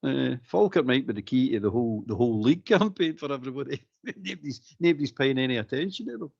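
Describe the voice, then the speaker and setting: A Scottish man with a gravelly, husky voice that rises and falls a lot as he talks football on a phone-in. He keeps repeating himself and tacks "mate" onto his sentences. The audio is dull and lo-fi. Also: medium pitch, quick pace. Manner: animated, repeats himself, says "mate" often. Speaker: caller.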